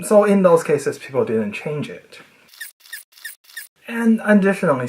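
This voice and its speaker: A speaker giving a casual educational monologue about language, explaining with a playful, nerdy manner that swings widely in pitch and trails off quietly at the ends of phrases.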